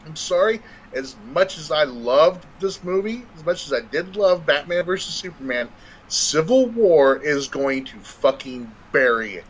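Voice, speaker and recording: Male podcast co-host with a high voice, ranting and cursing. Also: animated, measured pace, breathy edge, low-quality recording. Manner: ranting, swears freely. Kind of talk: casual podcast chat.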